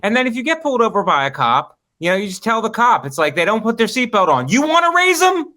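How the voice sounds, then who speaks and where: A man's voice: high voice, sing-song, fast, bright, forceful tone. A man co-hosting a comedy podcast, riffing playfully and slipping into mock-stern bits. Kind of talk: casual comedy podcast banter.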